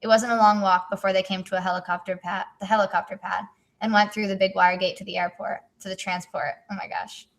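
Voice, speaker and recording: A woman's voice: medium pitch, flat delivery, fast, creaky. A teenage girl reading her own story aloud in a casual chat, giggling and adding joking asides. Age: teens. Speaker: author and co-host.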